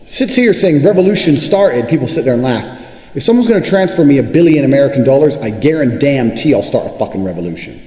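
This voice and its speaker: Fast-talking, boastful man in echoey room. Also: medium pitch, big pitch swings, dark tone. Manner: boastful, profane, swaggering. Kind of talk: unscripted monologue to camera. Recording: echoey room with long reverb.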